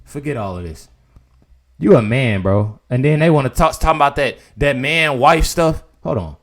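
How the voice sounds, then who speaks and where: A young man, commenting casually on a video clip. He is incredulous, swinging between loud outbursts and low mutters. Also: expressive, moderate pace.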